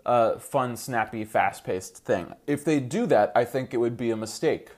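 A man co-hosting a podcast in a casual chat, hedging with "like" and trading quick jokes. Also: medium pitch, a little mellow. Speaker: podcast co-host.

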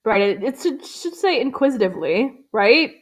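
Blunt woman co-host, higher voice. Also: very animated, moderate pace. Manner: blunt, nitpicky commentary. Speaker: podcast co-host. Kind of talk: casual chat.

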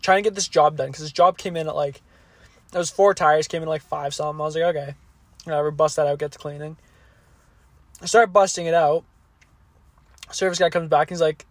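A man's voice: fairly high pitch, no echo. A man co-hosting a podcast, telling a long work story in casual, profane, rambling chat. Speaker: podcast co-host.

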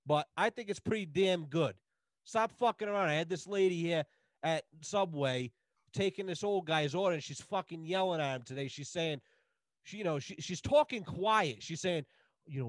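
A man guesting on a podcast, ranting loudly and swearing heavily in casual chat. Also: sits high, no room sound. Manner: loud, swearing, heated. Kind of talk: casual profane rant.

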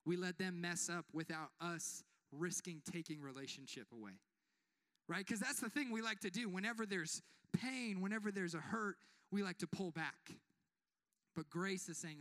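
A man's voice: sits high, moderate pace, a bit bright. A young man giving a conversational, joking sermon as a pastor, often asking the congregation to respond. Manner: conversational, joking, asks the crowd for amens.

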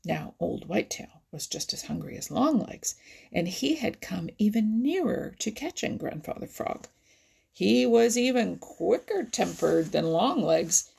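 A woman reading a children's animal story aloud, lively and expressive, sometimes dropping to a whisper. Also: medium pitch, unhurried, vocal fry, husky. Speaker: narrator.

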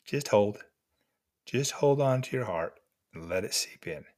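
An older man giving gentle, encouraging life lessons to mentees at an unhurried pace with pauses. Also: medium pitch, lively intonation. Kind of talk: motivational talk to mentees.

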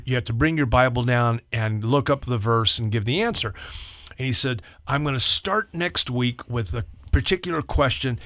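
An older man, a pastor, telling a personal story in casual talk, acting out voices with lively rising pitch. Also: dry recording, studio quality. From Southern California. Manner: animated, acts out quoted voices with rising pitch.

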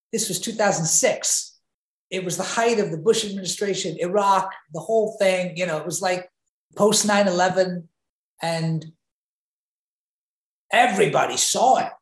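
A man being interviewed, telling an animated anecdote with frequent restarts and repeated words. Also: high-pitched. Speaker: interview guest. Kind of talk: conversational storytelling. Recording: roomy echo.

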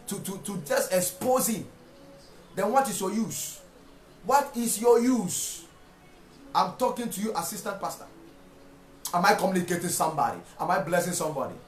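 A man preaching a sermon, repeating phrases and rising to shouted rhetorical questions. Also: high voice. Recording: echoey room with faint music.

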